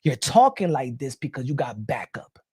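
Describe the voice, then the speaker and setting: Brief: an opinionated man on a boxing stream, talking emphatically in a dry, close sound. His delivery is animated and forceful as he makes his case. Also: medium pitch, moderate pace, breathy edge, no echo. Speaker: boxing commentary host. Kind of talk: casual livestream commentary.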